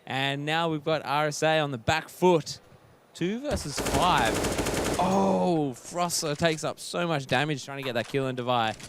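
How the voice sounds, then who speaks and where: A man casting an esports match, giving steady play-by-play commentary with frequent fillers. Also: fairly high pitch, unhurried, very noisy. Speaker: esports caster.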